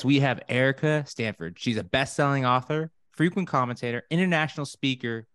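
A man hosting a podcast interview as a wealth manager, talking with energetic, friendly banter. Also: medium pitch, no echo, clean studio sound.

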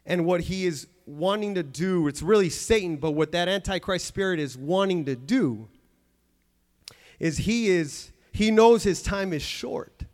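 A man's voice: sits high, lively intonation, measured pace, a little mellow. A man preaching a sermon in church, earnest and emphatic, often restarting and repeating phrases.

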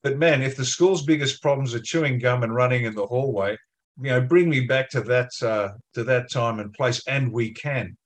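A man with an Australian accent talks in an interview at a mid pitch. He is blunt and emphatic, and he tells colloquial stories. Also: moderate pace. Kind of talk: interview discussion.

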